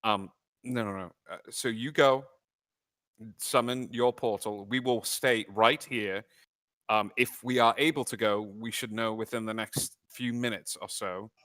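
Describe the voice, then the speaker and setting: A male player works through his plan slowly, halting often. His voice sits low but sounds bright and forward. The recording is close and dry. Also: fairly even intonation, no room sound. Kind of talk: casual tabletop play.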